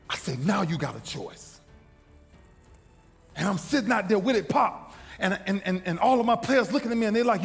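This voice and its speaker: A high-voiced man tells a story with wild swings of pitch, building each point through emphatic repetition. His voice rings out with a long reverb, and soft music plays underneath. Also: vocal fry. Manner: emphatic, repeats phrases for rhythm. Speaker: motivational speaker. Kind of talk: dramatic storytelling speech. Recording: reverberant hall with faint music.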